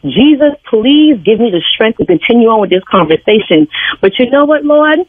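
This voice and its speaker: A woman's voice: fairly high pitch, moderate pace, no room sound. Stern older woman on a tinny phone line. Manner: stern, insists on a calm tone. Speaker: church sign language interpreter, prank victim. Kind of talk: phone call. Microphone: telephone.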